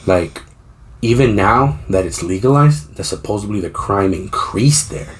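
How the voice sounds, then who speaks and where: A man's voice: lowish voice, expressive, unhurried. A man hosting a podcast, retelling a story in a rambling, profane, casual way, acting out the people he quotes. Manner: acts out quoted voices while retelling. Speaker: podcast host. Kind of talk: casual chat.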